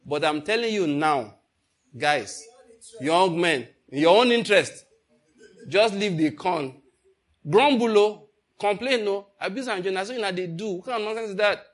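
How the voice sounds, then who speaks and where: In an unhurried, high-pitched voice, an older man delivers a sermon built around a story. He is animated and calls out questions to the congregation.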